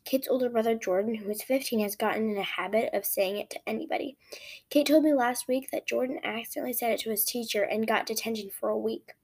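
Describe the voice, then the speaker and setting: A woman's voice: a little high, a little mellow. A woman hosting a podcast, reading her own story aloud expressively, with frequent restarts.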